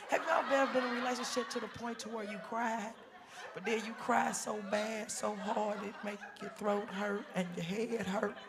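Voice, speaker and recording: A woman doing a stand-up comedy routine on a talk show stage, telling stories in animated style and acting out the people she quotes. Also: mid-range voice, normal speed, roomy sound, background noise. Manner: animated storytelling with exaggerated quoted voices.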